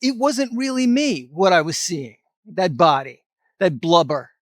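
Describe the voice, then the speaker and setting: A middle-aged fitness vlogger delivers a motivational talk to camera, pitching his advice straight at the viewer. His voice runs rather high, and he's blunt, emphatic and very animated, unhurried, with some mild cursing. The room is dry with no echo.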